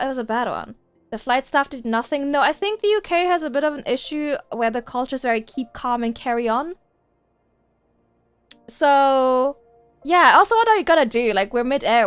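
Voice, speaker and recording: A woman streamer telling a story in casual chat while gaming, animated and exasperated, swearing freely. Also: sits high.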